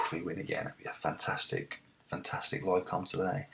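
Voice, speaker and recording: A man hosting a let's-play, commentating on a football management game and shouting at the big moments. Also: low-pitched, little pitch movement, moderate pace, creaky, slight background noise. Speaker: gaming video host.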